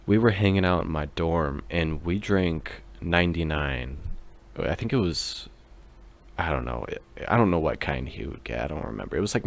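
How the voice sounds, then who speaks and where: A young man in his twenties, hosting a podcast and telling a rambling drinking story in casual, profane talk full of fillers. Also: rumbling low. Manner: loose and profane, lots of fillers. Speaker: podcast host.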